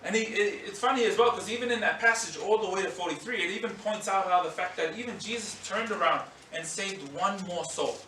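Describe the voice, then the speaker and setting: A man's voice: high-pitched, fairly quick, hardly any pauses, a little hiss or hum. A man preaching a sermon in a church hall, acting out scenes as he speaks. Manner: animated, acts out scenes and voices. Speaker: pastor. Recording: echoey hall, mic at a distance.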